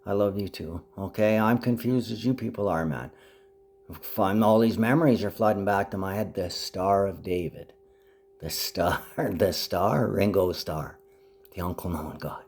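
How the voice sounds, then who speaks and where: Talking to the camera at a measured pace in a darkish tone, a man vlogs in a wandering monologue. He shifts between subjects, speaking to his mother with abrupt rises in pitch.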